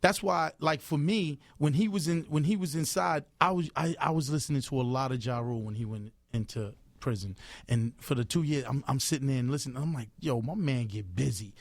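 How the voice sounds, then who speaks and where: A man's voice: a little high, brisk, no room sound. A man talking as an interview guest in a radio studio, emphatic and full of stories, repeating phrases for emphasis. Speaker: interview guest, record executive. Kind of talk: animated radio interview talk. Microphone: studio microphone.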